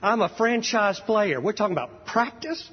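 A man doing an impression of a famous athlete, ranting in exasperation and repeating the same word over and over, his voice pushed well above his normal pitch. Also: lively intonation, moderate pace, husky. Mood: indignant. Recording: dull audio in a reverberant hall.

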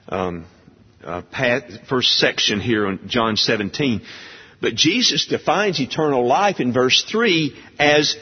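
A man preaching a sermon in a church, slow and emphatic, lifting his voice high on key words. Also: husky. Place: church sanctuary. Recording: dull long-reverb church hall sound.

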